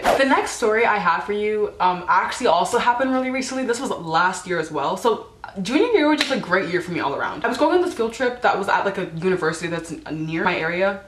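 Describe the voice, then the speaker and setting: A woman's voice: mid-range voice, lively intonation, quick pace, noisy background. Chatty teenage girl in an echoey room. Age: teens. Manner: chatty, lots of "like", acts out quotes. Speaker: vlogger. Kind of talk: casual storytelling to camera.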